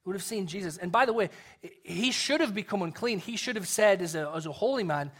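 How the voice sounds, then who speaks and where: Earnest high-voiced male preacher. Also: lively intonation, brisk. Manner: earnest, drops to a soft hush for emphasis. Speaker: pastor. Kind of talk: sermon.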